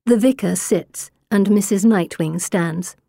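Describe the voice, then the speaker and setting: Female audiobook narrator, warm low-ish voice, steady and wry, dry booth sound. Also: measured pace, gravelly, no echo. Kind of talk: first-person audiobook narration.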